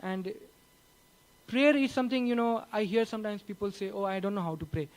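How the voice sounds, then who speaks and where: A man giving a conversational sermon, often saying "you know" between thoughts and slowing down to read a letter with earnest weight. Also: high voice, poor audio. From Nepal. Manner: slow, earnest reading of a quoted letter. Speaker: preacher. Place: church.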